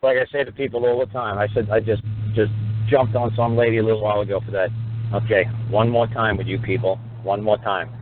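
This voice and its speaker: A man's voice: on the low side, steady tone, fast talker. A man hosting a call-in talk show, blunt and sarcastic, breaking into profane rants. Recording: tinny phone-line sound with faint noise.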